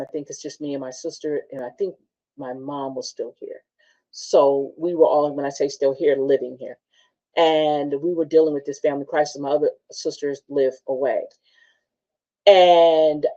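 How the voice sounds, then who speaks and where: A woman with a lowish, mellow voice hosts a motivational talk, mixing book readings with casual personal stories. She speaks in an animated, conversational way and laughs often. The recording sounds dull and lo-fi. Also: unhurried. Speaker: motivational show host.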